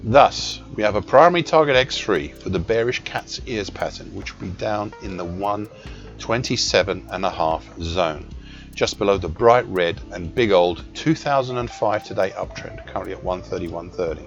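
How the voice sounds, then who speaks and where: Low-pitched male analyst, measured, precise, scripted market commentary, muffled lo-fi sound with faint music underneath. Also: animated. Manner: measured and precise, with small self-corrections. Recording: dull lo-fi recording with faint music.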